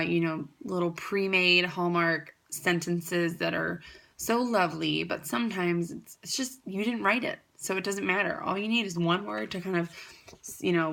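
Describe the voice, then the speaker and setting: A young woman pitching her greeting card business to the camera in a chatty, upbeat way, rambling with fillers and restarts. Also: creaky, fairly bright tone. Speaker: card company founder. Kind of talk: casual product pitch to camera.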